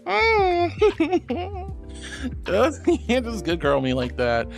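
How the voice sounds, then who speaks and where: A giggly, affectionate woman chats with her live stream viewers. She has a deeper-than-typical woman's voice that still sits high and swoops all over the place. Soft music plays faintly behind her. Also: huge pitch swings, drawn-out words, vocal fry. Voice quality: a bit deep for a woman. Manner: bubbly and affectionate, calls viewers sweetie and honey; giggly, playful asides. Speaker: VTuber streamer. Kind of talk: livestream chat with viewers.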